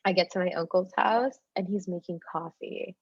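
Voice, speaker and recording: A young woman telling the story of her life in casual talk, animated, with a lot of "like", and she acts out the other people. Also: fairly low pitch, moderate pace, creaky, no room sound, muffled recording.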